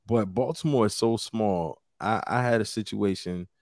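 A man, chatting loosely on a podcast. His voice sits low and is recorded dry, with no room sound, while he talks in easy restarts. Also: normal speed, darkish tone, no echo. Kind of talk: casual chat.

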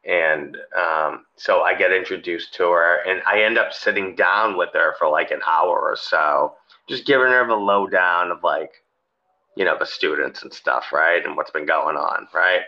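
A man co-hosting a podcast, telling a story in casual chat, animated and laughing often, his voice jumping high when excited. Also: moderate pace, dull audio. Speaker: podcast co-host.

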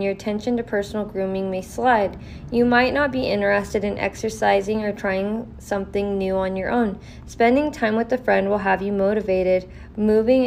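Gravelly-voiced woman, casual and profane. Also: medium pitch, a little mellow, slight background noise. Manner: profane, candid, filler-heavy. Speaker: vlogger. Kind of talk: casual talk mixed with reading aloud.

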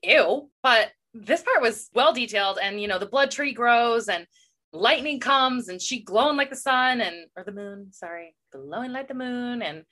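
A young woman with a bright, clear tone chats casually as a book podcast co-host. She retells the story loosely, sprinkling in "like" and "you know" as she goes. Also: fairly high pitch, animated, normal speed. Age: young adult. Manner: chatty, retells plot with many "like"s and "you know"s.

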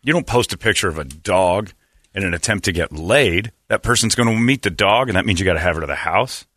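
A man's voice: sits low, expressive, fast talker, a bit bright, no echo, clean studio sound. A man co-hosting a radio show, bantering and joking with strong opinions. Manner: opinionated, jokey, does mock accents. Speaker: radio co-host. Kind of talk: casual morning-show banter.

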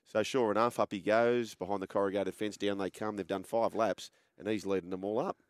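A man hosting a casual sports chat, telling an animated yarn. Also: lowish voice, a little fast, no room sound, clean studio sound.

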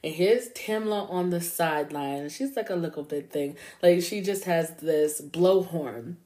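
A woman hosts a true-crime podcast in a casual, chatty storytelling voice. Her voice sits a little low and sounds mellow and warm. She talks to listeners as y'all and drops curse words freely. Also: unhurried. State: up late at 3 a.m. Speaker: podcast host.

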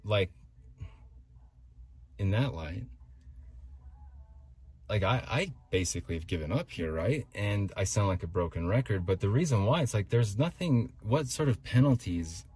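A man's voice: fairly low pitch, animated, measured pace, pauses often, a little mellow, husky. A man hosting his own podcast, rambling through a solo monologue with many restarts. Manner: rambling, restarts, talks himself through complaints. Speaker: podcast host.

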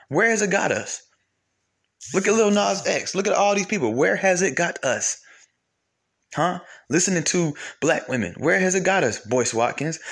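A man's voice: medium pitch, fairly bright tone. A young man talking in a heated, casual monologue, swearing and repeating himself, his voice climbing when he gets worked up.

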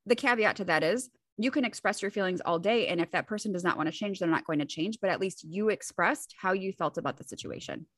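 A woman's voice: mid-range voice, fast, hardly any pauses, a bit bright, no echo. Frank, blunt woman, dry close sound. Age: adult with a young child. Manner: frank and profane, mimics herself in quoted asides. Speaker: podcast host and relationship coach. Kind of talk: casual chat.

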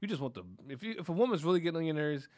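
A man co-hosting a podcast, telling stories in a loud, animated, profane way and laughing often. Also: a little high, racing. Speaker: podcast co-host. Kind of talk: casual chat.

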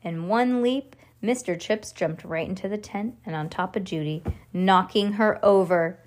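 A woman reading a children's book aloud, animated and stopping now and then to correct herself. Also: mid-range voice, measured pace. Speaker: reader.

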